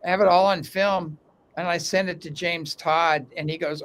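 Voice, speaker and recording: A man talking as a guest in a casual interview, telling stories in an animated way with frequent restarts, speaking from an underground room. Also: fairly high pitch, normal speed, slight background noise. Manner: animated, talkative storyteller with many restarts.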